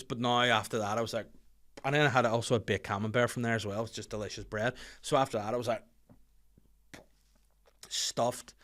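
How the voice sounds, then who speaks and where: A young adult Northern Irish man hosting his own podcast, chatting casually with swearing and animated, rising rants. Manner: swearing, animated rants that swing loud and high. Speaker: podcast host and comedian. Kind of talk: casual solo podcast chat.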